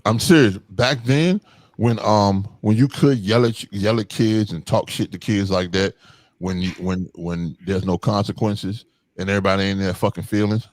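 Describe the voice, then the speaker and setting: A man's voice: fairly low pitch, moderate pace, dry recording. A man co-hosting a casual podcast chat, telling blunt, profane stories and acting out what he would say. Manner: blunt, profane storytelling with acted-out quotes. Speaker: podcast co-host.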